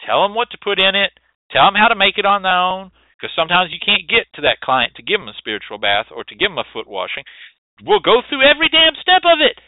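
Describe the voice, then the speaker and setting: A man's voice: sits high, very animated, quick pace, no room sound. Blunt, profane man lecturing. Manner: blunt, profane, preachy and emphatic. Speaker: host and hoodoo teacher. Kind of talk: lecturing monologue. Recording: dry, tinny phone-like sound.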